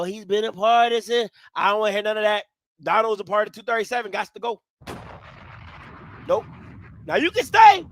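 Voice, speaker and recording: A man's voice: very high-pitched, a bit bright, no room sound, studio quality. A man hosting a live reaction stream, talking in a blunt, slangy, joking way with lots of energy. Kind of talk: casual live reaction commentary.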